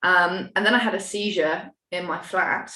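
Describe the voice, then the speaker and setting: A woman's voice: lowish voice, moderate pace, pushed and bright. A young woman from the United Kingdom, a podcast guest telling her story in a candid, rambling, self-mocking way and swearing now and then. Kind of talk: casual storytelling chat. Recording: roomy echo.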